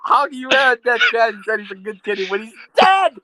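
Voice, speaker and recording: Male co-host, bright tone, argues and ribs his buddy. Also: sits high, quick pace, no echo, low-quality recording. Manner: argumentative, playfully insulting, keeps restarting his point. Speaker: podcast co-host. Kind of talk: casual chat about metal bands.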